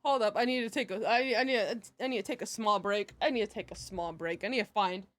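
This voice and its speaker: A woman's voice: mid-range voice, quick pace, dry recording. A young woman answering questions on a casual live stream, rambling and giggly with many fillers and restarts. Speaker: streamer and project creator.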